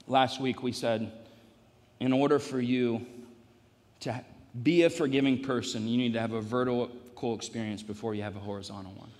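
A male pastor delivering a sermon, emphatic and repetitive, rising to loud peaks in a church. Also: mid-range voice, normal speed, in a large hall. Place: church sanctuary.

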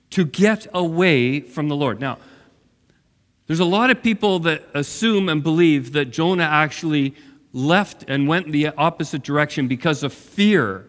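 Man preaching with lively storytelling. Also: a little high, big-room sound. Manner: dramatic storytelling with asides to the congregation. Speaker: pastor. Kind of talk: sermon.

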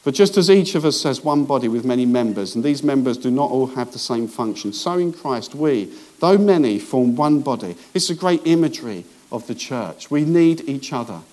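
A man preaching a sermon as pastor, swinging between hushed asides and rising emphasis, with jokey remarks to the congregation. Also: medium pitch, expressive, normal speed, hardly any pauses.

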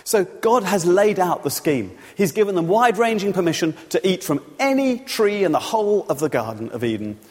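A man's voice: sits high, very animated, normal speed, few pauses, a little mellow. A man preaching a sermon, telling the story and illustrating it with everyday examples. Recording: long reverb of a large hall.

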